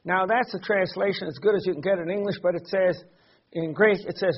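A man preaching a sermon, teaching earnestly and often pausing with fillers and repeated words. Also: sits high, steady tone, breathy edge, dull audio.

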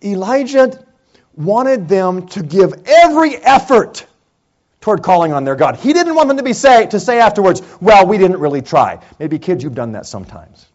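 A man preaching a sermon, retelling a Bible story dramatically and acting out the prophets' cries, swinging from loud calls to hushed lines. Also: high-pitched, sing-song, moderate pace, highs cut off. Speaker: pastor.

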